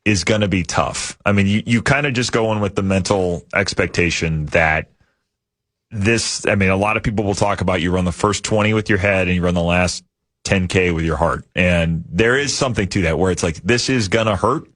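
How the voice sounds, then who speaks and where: A man appearing as a guest in a radio studio, explaining at length in a relaxed way and laughing easily. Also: sits low, fairly quick, no echo. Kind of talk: casual radio talk. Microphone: studio microphone.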